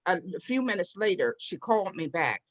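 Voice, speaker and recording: A woman's voice: fairly low pitch, normal speed. A woman telling a personal story as an interview guest, acting out the voices of the people in it. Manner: animated storyteller who acts out quoted voices. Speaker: real estate investor and business owner, interview guest.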